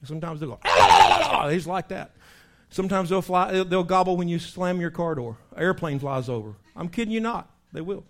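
Male pastor, lively folksy sermon delivery, voice sits a bit high. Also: fairly quick, few pauses. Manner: animated, imitates animal calls and voices.

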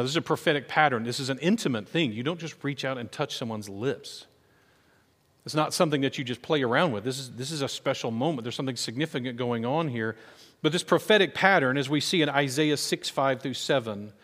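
A man preaching a sermon as pastor, telling stories in an animated way and acting out the voices of people he quotes. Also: mid-range voice, long reverb tail.

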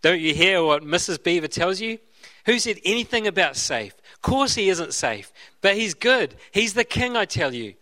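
A man's voice: sits high, big pitch swings, normal speed, bright, forceful tone, voice pushed up, heavily acted. A man reading aloud as a stern, proud male beaver from a storybook, speaking emphatically. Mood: insistent. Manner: emphatic, insistent.

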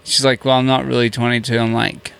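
A man's voice: mid-range voice, fairly quick, creaky, clear, resonant tone. A man, a podcast guest telling a long story casually and acting out the dialogue. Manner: animated, acts out quoted dialogue with many "I'm like".

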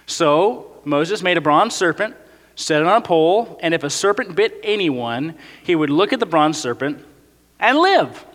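A man preaching a conversational sermon. He acts out complaining voices and talks in a lively, animated way. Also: high-pitched. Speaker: pastor. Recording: long reverb of a large hall.

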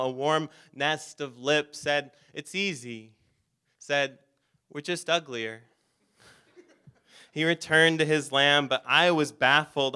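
A man reciting his own poem in a measured, deliberate way at a live reading. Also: fairly high pitch, sharp tone, smooth. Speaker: poet. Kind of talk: poetry reading.

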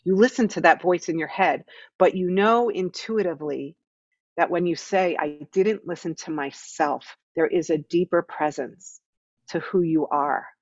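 A woman's voice: on the low side, normal speed, no room sound. A woman who teaches meditation, explaining her ideas as an interview guest in an earnest, teaching tone and often checking in with "right?". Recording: dull, dry recording.

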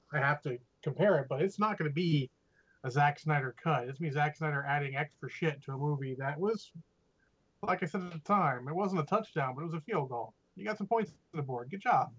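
A man's voice: fairly high pitch, brisk, a bit bright, husky. Opinionated, profane man, lo-fi sound. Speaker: podcast co-host. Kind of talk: casual chat. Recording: dull lo-fi audio.

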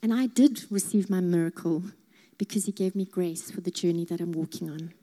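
A woman sharing a heartfelt faith testimony, earnest and at times dropping to a hushed voice. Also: on the low side, brisk. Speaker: speaker sharing her testimony.

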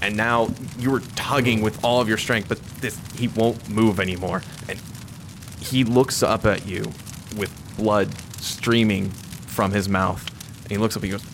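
Deep-voiced man narrating a tabletop game. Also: fairly even intonation. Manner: vivid, suspenseful storytelling with pauses. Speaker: game master. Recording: noticeable background noise.

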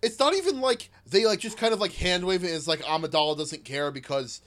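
A man's voice: high-pitched, brisk, a bit bright. A man co-hosting a podcast, talking casually and sarcastically, leaning heavily on "like". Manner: sarcastic, heavy filler "like", mocking impressions. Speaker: podcast co-host. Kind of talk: casual chat.

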